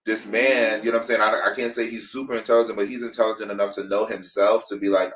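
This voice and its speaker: A man's voice: fairly low pitch, little pitch movement, fast, few pauses, a bit bright, recorded from a distance, rough recording. A man co-hosting a casual review chat, telling the story with feeling, acting out quotes, and swearing freely. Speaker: podcast co-host.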